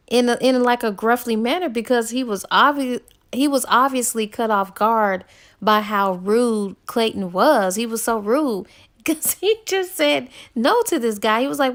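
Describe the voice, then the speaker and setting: A woman's voice: a little high, a little slow. Chatty woman retelling a story. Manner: chatty, giggly, quotes characters in a lively storytelling tone. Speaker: book reviewer. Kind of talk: casual plot retelling.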